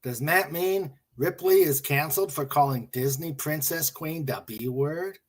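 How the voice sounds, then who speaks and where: A man's voice: a little high, unhurried. A man hosting a casual stream, reading memes and jokes aloud, chuckling and muttering to himself. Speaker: livestream host.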